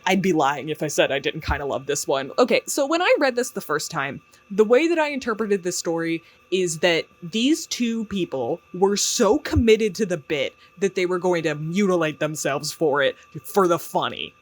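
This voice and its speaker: A man's voice: sits high, sing-song, normal speed, few pauses. A man giving casual commentary as a YouTube book reviewer, chatty and sarcastic, with lots of fillers and laughs.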